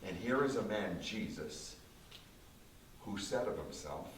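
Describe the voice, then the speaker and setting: A man, a concert pianist, giving an emphatic church testimony with repetitive, dramatic slow phrasing, recorded in a small church. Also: low-pitched, expressive. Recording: roomy distant church recording with faint hiss.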